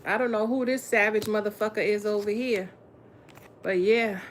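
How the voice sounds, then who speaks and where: A woman's voice: mid-range voice, steady tone, normal speed. Woman tarot reader, casual and profane, heavy slang, mid-range voice, faint background noise. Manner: profane, blunt, repetitive; slangy, talks straight to viewers.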